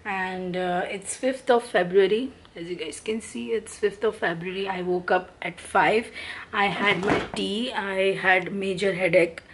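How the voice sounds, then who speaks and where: A woman's voice: medium pitch, steady tone, a little slow, background noise. A woman, chatting casually to the camera in a home vlog. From India. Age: 30s. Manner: chatty, confiding, talks to camera. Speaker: vlogger. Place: home, bathroom.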